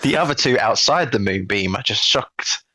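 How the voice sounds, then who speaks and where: A man's voice: mid-range voice, lively intonation, moderate pace, sharp tone, slight background noise, low-quality recording. A man running a tabletop game as game master, narrating events and joking with the players. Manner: describes events playfully, jokes with players.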